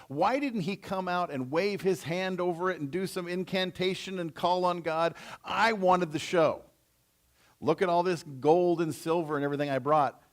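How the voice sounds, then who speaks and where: A man's voice: mid-range voice, darkish tone. A man voicing a proud, indignant army commander who grumbles in casual modern slang.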